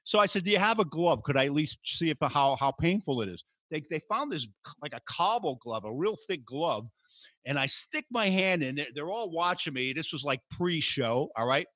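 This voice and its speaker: A man hosts a podcast in a casual storytelling style. His voice sits a little high, and he gets animated, jumping into raised voices when he quotes people. The sound is close and dry. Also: normal speed, dry recording. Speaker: podcast host.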